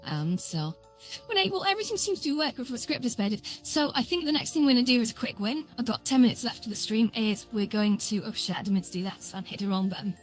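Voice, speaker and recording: A woman's voice: fairly high pitch, expressive, fast talker, faint music behind. A woman streamer talking through her coding work in a loose, rambling way, full of filler words and self-deprecating asides. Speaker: streamer building a VR world. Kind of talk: casual live-stream commentary while coding.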